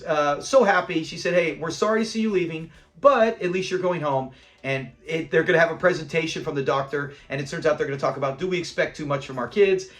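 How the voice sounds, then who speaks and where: High-voiced man reviewing an old sitcom. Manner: animated, retells scenes, acting out characters' lines. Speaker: host of a sitcom review channel. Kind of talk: casual episode review commentary.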